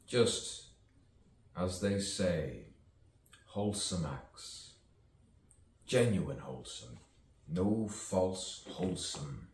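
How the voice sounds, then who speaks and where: A man with a very low voice delivers a drifting, repetitive spoken-word poetry monologue at an unhurried pace. He sits well back from the microphone, so his voice carries the echo of the room around him. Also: lively intonation, darkish tone. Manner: drifting, repetitive, rhyming free association. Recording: echoey room, voice far from mic.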